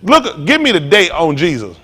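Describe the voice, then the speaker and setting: High, animated, blunt male preacher. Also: moderate pace, slightly rough. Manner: blunt, profane, mocking; heated preaching. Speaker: pastor. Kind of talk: sermon.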